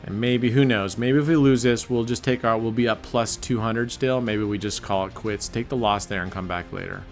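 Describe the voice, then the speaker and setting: A man hosting live casino gameplay commentary, excitable and cursing, grumbling at the dealer as he works out his bets. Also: fairly low pitch, normal speed, soft background music. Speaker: channel host.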